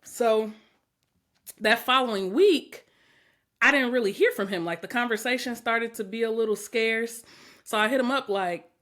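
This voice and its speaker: Profane, animated woman telling a story. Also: a little high, normal speed. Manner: animated, profane, laughs often. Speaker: podcast host. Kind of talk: casual storytelling chat.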